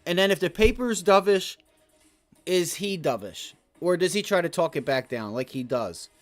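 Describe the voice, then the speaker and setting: Man, fairly high voice, livestream trading host, casual slang, gets loud and heated. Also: animated, moderate pace. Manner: casual slangy talk that rises to loud rants. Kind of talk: live market commentary.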